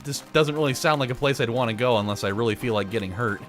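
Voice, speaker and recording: A man's voice: medium pitch, fast, fairly bright tone, faint music behind. A man casually riffing and joking as he plays a video game, rambling and laughing at his own lines. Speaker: gaming channel host. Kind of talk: casual let's play commentary.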